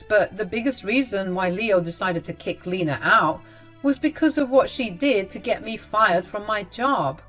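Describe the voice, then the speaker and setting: A woman telling a family drama story in a gossipy, mocking tone. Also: mid-range voice. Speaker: narrator. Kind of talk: storytelling narration.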